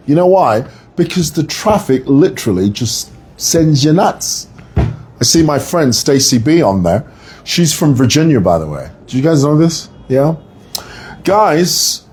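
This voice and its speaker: A man's voice: mid-range voice, darkish tone, breathy edge. Chatty man hosting a live stream. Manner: chatty, playful, digressive. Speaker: online show host. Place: city workplace.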